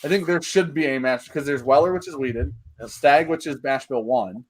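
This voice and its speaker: A man hosting a casual whiskey chat, animated, swearing freely and laughing often. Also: mid-range voice, normal speed, a little hiss or hum, rough recording. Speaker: podcast host.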